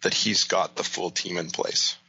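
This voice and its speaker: Brief: male interview guest, very low voice, bright and husky, thoughtful explainer, dull lo-fi sound. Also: steady tone, moderate pace, no echo. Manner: thoughtful, explanatory, with many "you know" and "right?". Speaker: guest, leadership author and coach. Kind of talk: casual interview talk.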